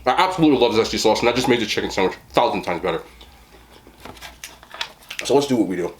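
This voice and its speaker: A man casually reviewing fast food on camera, chatting with fillers and talking through mouthfuls at a desk mic. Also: on the low side, lively intonation, slight background noise. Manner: chatty, talks while chewing, frequent fillers.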